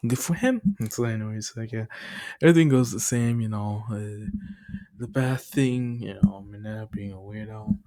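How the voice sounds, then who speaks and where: A man's voice: lowish voice, steady tone, moderate pace, mellow. A young man casually retelling a cartoon story in his own words, rambling and chuckling as he goes.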